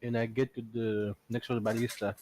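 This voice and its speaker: A man's voice: medium pitch, level tone, brisk, a little mellow, a little hiss or hum. A man playing a tabletop role-playing game. He is blunt, swears often and teases the other players. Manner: blunt, profane, teasing. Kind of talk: casual tabletop game play.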